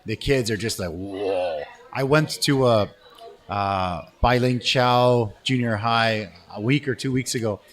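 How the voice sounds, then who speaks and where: A Canadian man hosts a relaxed talk show, keen and chatty, tossing in eager little yeahs and wows. His voice sits at an ordinary pitch as he tells his own stories. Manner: enthusiastic, lots of quick affirmations. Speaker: podcast host. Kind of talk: casual interview chat.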